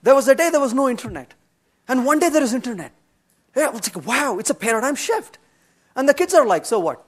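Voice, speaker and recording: Casting: middle-aged man, very high voice, animated blunt conference lecturer. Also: a little fast. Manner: animated, emphatic, answers bluntly with humor; acts out quoted dialogue in changed voices. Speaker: conference speaker. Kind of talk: workshop lecture with audience questions. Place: conference room.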